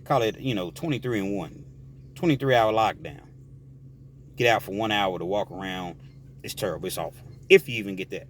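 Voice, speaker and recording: A man casually telling a prison story, animated and explaining things directly to the listener. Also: fairly low pitch, brisk, pauses often, slight background noise.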